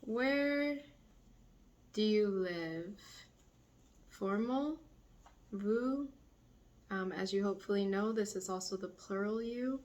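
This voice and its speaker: A woman teaching a beginner language lesson, slowly repeating each phrase for her learners. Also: medium pitch, darkish tone. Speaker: French teacher.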